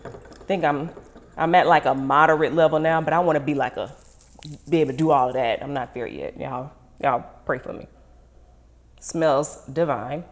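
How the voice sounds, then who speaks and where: A woman's voice: deep voice, normal speed. A woman chatting casually and playfully while unboxing and tasting wine. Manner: chatty, playful, self-teasing. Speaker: wine vlogger.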